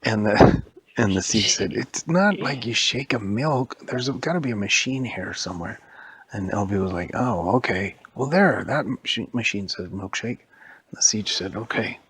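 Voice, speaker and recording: Guy telling a kid a spooky made-up story, husky low voice, squeaky character voices, whispers the scary bits. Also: fairly bright tone. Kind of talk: improvised bedtime-style story for a child.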